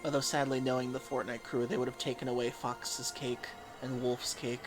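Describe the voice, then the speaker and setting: A man's voice: medium pitch, level tone, normal speed. A man chatting casually while playing a game on stream, rambling and chatty, over game music. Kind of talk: casual let's-play chat.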